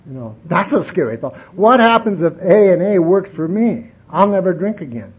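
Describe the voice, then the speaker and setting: A man's voice: very animated, moderate pace, husky. A man telling his recovery story at a meeting, rambling and wry, with lots of repeats. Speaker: speaker sharing at a recovery meeting. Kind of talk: personal recovery testimony. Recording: dull, lo-fi recording with faint rumble.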